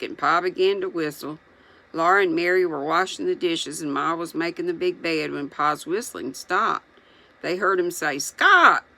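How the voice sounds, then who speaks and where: Gravelly, bright-voiced storybook reader. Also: mid-range voice, low-quality recording. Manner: unhurried, musing to self between passages. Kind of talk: reading a children's novel aloud with spoken asides.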